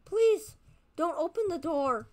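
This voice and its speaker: A woman giving casual gameplay commentary as a video host, excitable, pleading with and scolding creatures in the game. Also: sits high, moderate pace, slight background noise. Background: background music.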